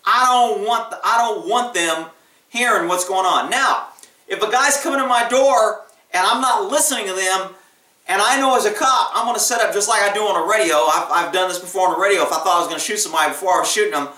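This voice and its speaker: A police officer delivers blunt, emphatic advice in a casual vlog monologue, speaking fast in a high, sharp voice. He frequently acts out what callers and dispatchers might say. The recording is echoey, with his voice far from the mic.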